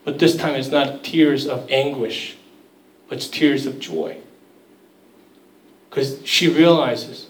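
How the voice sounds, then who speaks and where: A man's voice: medium pitch, steady tone, slow, pauses often, reverberant, recorded from a distance, rough recording. A man preaching a sermon in a conversational, storytelling way, acting out quoted voices. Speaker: pastor.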